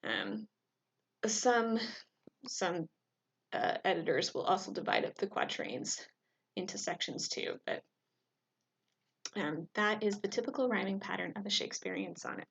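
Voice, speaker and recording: A woman's voice: medium pitch, animated, a little slow, vocal fry, pauses often, slightly rough. A woman teaching a recorded lecture in an explanatory way, with many fillers, sometimes chanting a poem's rhythm aloud. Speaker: instructor. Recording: dull lo-fi recording.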